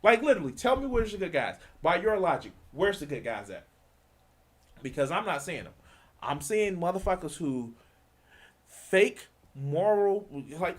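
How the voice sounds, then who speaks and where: Heated man ranting, lively pitch. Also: normal speed. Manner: heated, swearing, repeats himself, mocking quoted voices. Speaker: streamer. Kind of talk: profane political rant.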